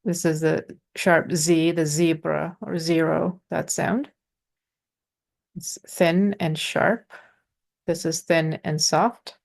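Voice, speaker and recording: A woman teaching pronunciation in an informal lesson, patiently explaining with halting pauses and sounding out letters. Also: deep voice, steady tone, gravelly.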